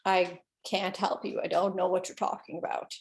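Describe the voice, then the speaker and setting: A woman voicing a gruff old man who makes coffins, curt and dismissive. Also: lowish voice, little pitch movement, normal speed, reverberant, lightly acted.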